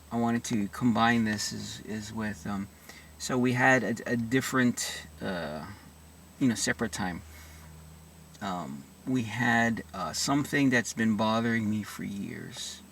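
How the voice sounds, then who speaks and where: Halting, reflective man, a bit off-mic. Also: lowish voice, creaky, recorded from a distance, a little hiss or hum. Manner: halting, full of restarts and soft asides. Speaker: vlogger sharing personal experience. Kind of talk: reflective personal monologue.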